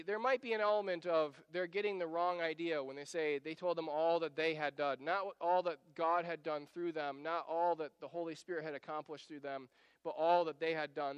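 Pastor guy reading scripture and acting out the disciples, smooth voice, close dry mic. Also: fairly high pitch, moderate pace, a bit bright, dry recording, big-room sound, dull audio. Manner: reads scripture aloud, then acts out the disciples with varied voices. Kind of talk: expository sermon.

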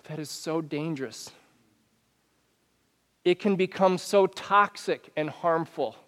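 A man preaching a sermon as pastor, talking in a conversational, animated way with many questions to the listeners. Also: on the high side, slow. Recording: long reverb of a church hall.

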